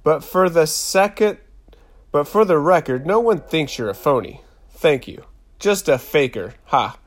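A man's voice: on the high side, expressive, measured pace, pitched above the performer's own voice. A man voicing a playful preteen girl. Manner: playful, sing-songy teasing. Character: warm, playful preteen girl, sometimes shy.

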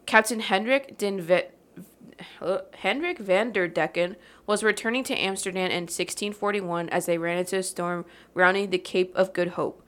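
Woman podcaster reading a spooky legend, bright sharp voice, jokes and swears a lot. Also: medium pitch, normal speed. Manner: joking, swears freely, laughs often while reading. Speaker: podcast host. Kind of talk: casual storytelling chat.

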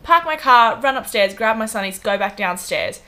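A young Australian woman in her twenties, co-hosting a podcast and telling an animated story in casual chat, full of "like" and acted-out quotes. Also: on the high side, normal speed. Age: 20s. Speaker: podcast co-host.

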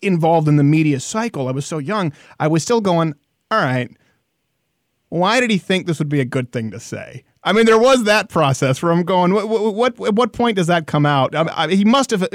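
A young man hosting a casual podcast, jokey and animated, laughing often. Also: fairly high pitch, a little fast, dry recording, clean studio sound. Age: young adult. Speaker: podcast host.

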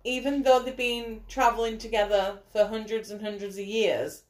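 A woman in casual film chat, quick to pick at the film's flaws. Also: a little high, fairly even intonation.

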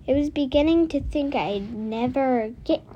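A woman's voice: sits high, measured pace, warm tone, lo-fi sound. A woman voicing a tiny, brave female fairy in a children's story, urgent and eager.

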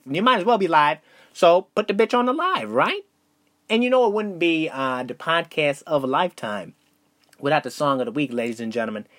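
A young man with a highish, lively, fairly bright voice hosts a casual solo podcast at normal speed. Out of breath, he talks loosely and profanely, full of fillers and restarts.

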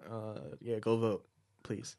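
A man's voice: on the low side, monotone, slow pace, dark tone, slight background noise. A man hosting a casual podcast chat in a small closed room. He sounds nervous and a little out of breath, giggles often, and stumbles over his words. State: slightly out of breath. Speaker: podcast host.

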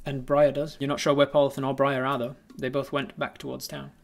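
A man narrating a tabletop game as the game master, relaxed and meandering, with frequent hesitations. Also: mid-range voice, a little fast, gravelly.

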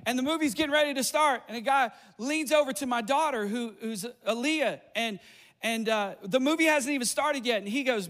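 A pastor preaching with a strikingly high voice for a man. He is middle-aged and tells his stories with quick asides and animated energy. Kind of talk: sermon.

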